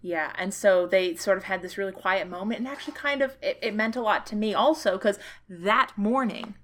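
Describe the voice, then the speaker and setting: A woman's voice: medium pitch, a little fast. A woman co-hosting a podcast, chatting enthusiastically about a convention with many fillers. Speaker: podcast co-host. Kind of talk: casual chat recapping a convention.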